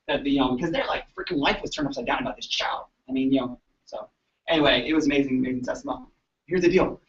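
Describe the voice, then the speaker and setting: A man, a chiropractor, telling patient stories to colleagues in an animated, chatty way, often asking "right?". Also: on the high side. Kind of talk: storytelling talk to an audience. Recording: echoey room, distant dull mic.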